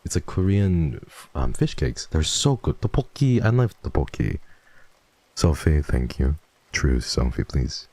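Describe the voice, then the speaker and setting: A man chatting playfully on a livestream, teasing viewers and swearing freely as he reads donations, jumping between loud bursts and hushed murmurs. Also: a bass voice, sing-song, unhurried, dry recording. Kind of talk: casual livestream chat, reading donations.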